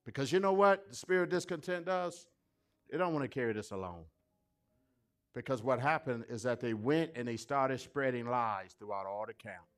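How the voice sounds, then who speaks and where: A man, preaching a sermon that swings from quiet asides to loud, rising peaks. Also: mid-range voice, moderate pace.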